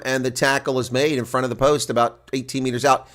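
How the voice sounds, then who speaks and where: Man, live rugby play-by-play, mid-pitched voice, excitable, home desk mic. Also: quick pace. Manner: excitable, bursts loud and high on big plays. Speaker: live reaction rugby commentator. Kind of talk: play-by-play sports commentary.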